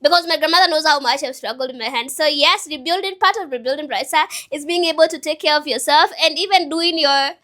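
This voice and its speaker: A woman's voice: sits high, fast, hardly any pauses, sharp tone. A woman in her twenties who runs a business, talking candidly and emotionally in a rambling personal vlog. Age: 20s. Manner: emotional, rambling, self-reflective. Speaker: vlogger and business owner.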